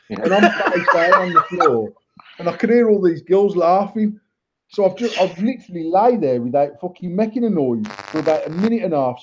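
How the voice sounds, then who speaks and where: A man's voice: fairly high pitch, a little hiss or hum. A man telling a rowdy childhood story in casual podcast banter, swearing constantly and laughing along. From United Kingdom. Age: adult. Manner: sweary, animated, laughs through his own story. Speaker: podcast co-host. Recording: dull lo-fi sound.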